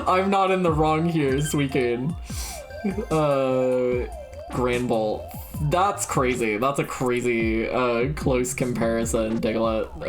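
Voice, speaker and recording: Very low-voiced woman streamer, slow and sweary. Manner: profane, blurts out guesses, laughs at herself. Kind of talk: casual gameplay commentary.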